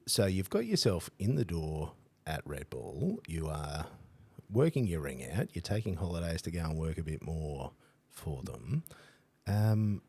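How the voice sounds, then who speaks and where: An Australian man hosting a casual podcast interview, matey and full of slang. His voice is very deep with a husky edge, yet it swings up and down with plenty of life. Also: very animated, a little slow, warm tone, no echo. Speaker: podcast host. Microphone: home setup, wired connection.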